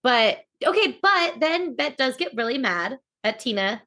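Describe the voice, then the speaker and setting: A woman's voice: high voice, very animated, a little slow, bright, forceful tone. A woman co-hosting a podcast, chatting casually and animatedly about an episode, laughing easily and swearing now and then. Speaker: podcast co-host. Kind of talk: casual recap chat.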